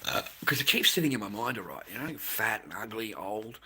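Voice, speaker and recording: Gravelly Australian man ranting profanely. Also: lowish voice, lively intonation, brisk. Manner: profane, swings between loud rants and muttered whispers. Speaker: livestreamer. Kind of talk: rambling livestream chat.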